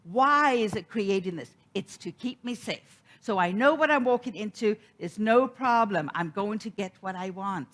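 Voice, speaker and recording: Middle-aged woman preacher, animated storyteller with a lively, swooping delivery. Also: medium pitch, normal speed, few pauses. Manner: storytelling, animated, acts out quoted voices. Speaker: minister. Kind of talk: sermon.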